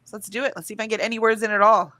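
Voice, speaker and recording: A woman's voice: medium pitch, steady tone, rapid-fire, sharp tone, dry recording. Tired woman reading out chat comments. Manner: sleepy, laughs often. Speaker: co-host of a writing sprint livestream.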